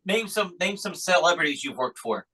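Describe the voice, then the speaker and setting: A man's voice: high voice, very animated, normal speed, bright, forceful tone, slightly rough, low-quality recording. A man hosting a podcast interview, reacting with eager enthusiasm. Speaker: podcast host. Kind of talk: interview chat.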